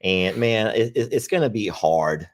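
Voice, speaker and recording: Male co-host, low and animated, rambling casual talk. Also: unhurried. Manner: rambling, repeats phrases, jumps up in pitch when exclaiming. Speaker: co-host of a horse sanctuary livestream. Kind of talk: casual chat.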